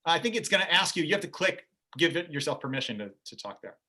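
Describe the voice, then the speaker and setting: Upbeat male host, high bright voice, chatty and joking on a video call. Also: sing-song, fast. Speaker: game show host. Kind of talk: livestream game show hosting.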